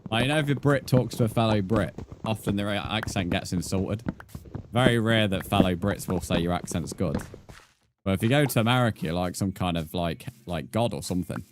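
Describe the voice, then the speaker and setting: A man's voice: low voice, noisy background. A man, chatting casually with viewers while streaming a game and answering their comments. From England. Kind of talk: casual live-stream chat.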